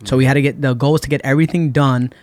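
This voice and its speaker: A man from Puerto Rico talks very fast in a medium-pitched voice as a podcast guest, with no echo in the studio. In a laid-back way he recounts a long story, performing the dialogue of the people in it.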